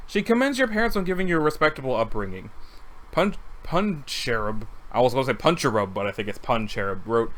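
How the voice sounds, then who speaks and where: A man's voice: medium pitch, big pitch swings, fast talker, fairly bright tone. A man narrating a text game and reading viewer comments aloud, with wry offhand asides. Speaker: let's read narrator.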